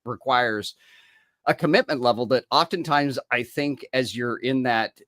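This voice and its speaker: A man speaks as a guest on a podcast, an author who coaches people through recovery. He talks in a reflective, easygoing way and chuckles as he recounts his own past. His voice sits at an ordinary pitch, and the sound is dry and close. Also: measured pace, fairly bright tone, no room sound. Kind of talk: casual interview chat.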